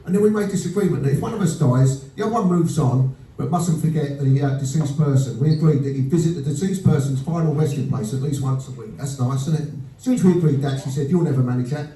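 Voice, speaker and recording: Fast-talking blunt stand-up comedian, roomy. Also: male voice, fairly high pitch. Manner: blunt deadpan storytelling with crude punchlines. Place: comedy venue before a laughing audience. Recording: roomy live venue sound from a distance. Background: audience laughter.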